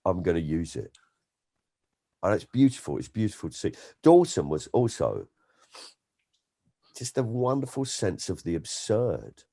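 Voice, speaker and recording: Brief: male comedian guest, very deep voice, lively swooping delivery, anecdote-driven chat. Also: normal speed, vocal fry. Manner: animated storyteller, slips into impressions. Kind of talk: casual interview chat.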